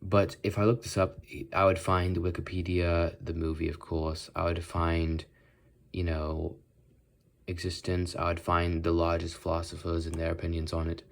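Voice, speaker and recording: A teenage vlogger with a low, gravelly, monotone voice talks at normal speed while walking. His casual walk-and-talk is rambling and thought-aloud, with frequent breaks mid-thought.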